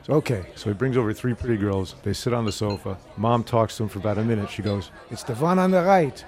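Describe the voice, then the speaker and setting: A man telling a joke and acting out the characters' voices, including a shrill mother. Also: steady tone, fast, darkish tone.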